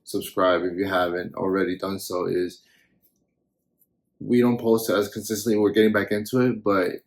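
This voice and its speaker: Deep gravelly young dad, earnest. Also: male voice, flat delivery. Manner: earnest, halting, repeats himself. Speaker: parent vlogger, co-host. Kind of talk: casual parenting advice chat.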